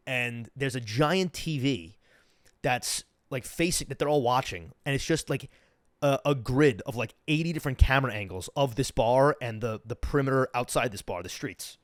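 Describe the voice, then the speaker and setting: Young male podcast host, animated profane storyteller, dry close sound. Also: mid-range voice, no room sound. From United States. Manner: animated, profane, acts out quoted people. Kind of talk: casual storytelling monologue.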